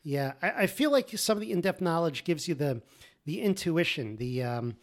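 A man's voice: fairly high pitch, lively intonation, moderate pace. A man in casual conversation as a podcast co-host, often restarting and searching for words.

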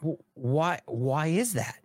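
A man's voice: fairly high pitch, lively intonation, takes it slowly, no echo, clean studio sound. A man hosting a political commentary show, ranting emphatically and repeating words for stress.

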